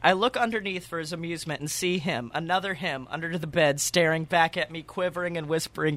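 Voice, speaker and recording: A man's voice: fairly high pitch, a little fast, few pauses, a bit bright, no room sound. A man co-hosting a comedy podcast, reading short horror stories aloud and breaking into jokey asides and laughter. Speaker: podcast co-host.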